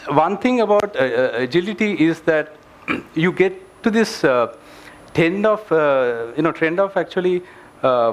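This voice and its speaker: A man presents at a tech meetup in a voice pitched a little high for a man. He talks earnestly and gives advice, often pausing on fillers and restarting his phrases. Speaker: engineering director giving a meetup talk. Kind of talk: conference presentation. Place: meetup venue with an audience.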